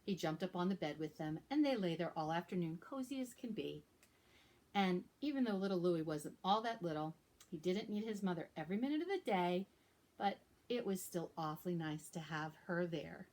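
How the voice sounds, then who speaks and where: A woman librarian reading a picture book aloud to young children in a gentle storytelling manner. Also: fairly low pitch, lively intonation, normal speed. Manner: gentle, warm storyteller talking to young listeners.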